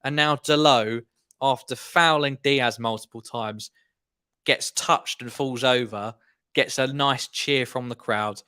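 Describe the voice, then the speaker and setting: Exasperated man with a bright, forceful voice. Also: medium pitch, unhurried. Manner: animated, exasperated fan commentary. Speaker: football watchalong host. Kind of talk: live match reaction commentary.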